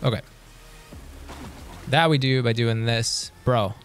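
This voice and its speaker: A man's voice: mid-range voice, slow pace, soft background music. A young man streaming a game, swearing and talking back to the enemies as he plays. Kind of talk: live gameplay commentary.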